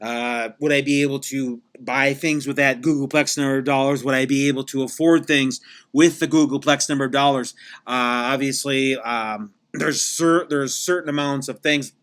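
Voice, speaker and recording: A man's voice: medium pitch, steady tone, moderate pace, a bit bright, clear, resonant tone, natural voice. A man playing a pompous podcast guest who rambles and keeps restarting his sentences in a comedic interview. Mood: rambling. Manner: rambling, repeats himself, many restarts. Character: rambling self-important male podcast guest, adult.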